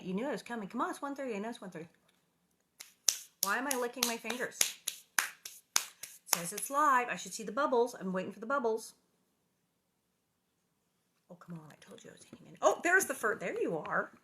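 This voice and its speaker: A woman's voice: a little high, big pitch swings, fairly quick, pauses often, background noise. A middle-aged woman hosting a casual livestream from her living room, chatting in a bubbly, rambling way with lots of asides. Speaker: livestream host reading aloud.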